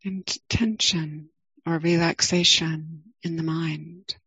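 A middle-aged woman leading a guided meditation, speaking calmly and gently with long pauses. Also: deep voice, breathy edge, dry recording, muffled recording. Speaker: meditation teacher.

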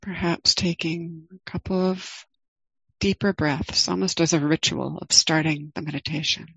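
A middle-aged woman leading a guided meditation, speaking calmly and gently with long pauses. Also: sits low, creaky, slightly rough, no room sound, muffled recording. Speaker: meditation teacher.

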